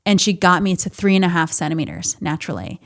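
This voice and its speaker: A woman's voice: on the low side, sing-song, fast talker. A woman in her thirties hosting a podcast, telling a personal story in a candid, profane, emotional way. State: laughing and tearful. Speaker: podcast host.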